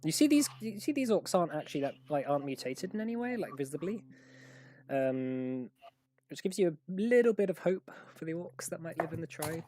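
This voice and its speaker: A man narrating a tabletop game as game master, relaxed and rambling, with many fillers. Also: on the high side, brisk, a little hiss or hum.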